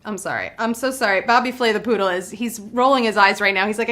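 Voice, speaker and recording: A woman's voice: mid-range voice, fast, hardly any pauses, fairly bright tone. A young woman hosting a live trivia game show, bubbly and full of playful puns. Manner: bubbly, punny, playful banter.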